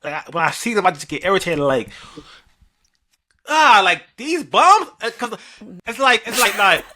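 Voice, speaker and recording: Animated young man with a bright, high voice. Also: moderate pace. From New York. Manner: animated, rambling, heavy slang and filler, trash-talking. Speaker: podcast co-host. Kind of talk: casual sports chat.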